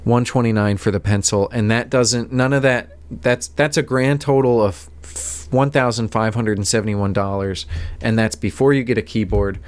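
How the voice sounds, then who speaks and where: Low, smooth-voiced man rambling casually. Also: steady tone, normal speed. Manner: rambling, self-deprecating, many fillers. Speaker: tech vlogger. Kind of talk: casual rambling talk to camera.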